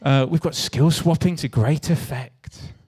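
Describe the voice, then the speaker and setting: A breathy edge and a little mellowness color this young man's fairly high voice, which keeps a measured pace. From the West Country in England, he gives a stand-up style creative talk at a live venue, joking, swearing and bantering self-deprecatingly with the audience.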